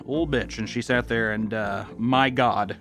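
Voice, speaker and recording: A man chatting casually and crudely while he draws, excitable, keeps breaking into squeaky put-on voices. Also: a little slow, over music. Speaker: YouTube artist and host. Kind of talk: casual commentary while drawing.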